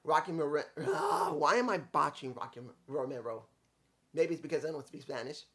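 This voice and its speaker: A man's voice: fairly high pitch, expressive, moderate pace, a bit bright. A man reviewing a wrestling show in casual, rambling commentary, getting frustrated and stumbling over names.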